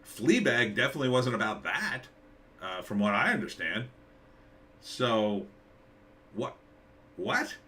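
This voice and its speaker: A man's voice: mid-range voice, very animated, unhurried, pauses often, pushed and bright. A middle-aged man hosting a live stream, rambling sarcastically and reading out chat comments. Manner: rambling, sarcastic, reads chat names aloud.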